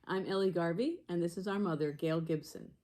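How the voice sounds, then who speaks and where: Woman fondly reading about her late mom, mellow tone. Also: on the low side, brisk. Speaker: daughter giving a remembrance. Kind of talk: read memorial tribute.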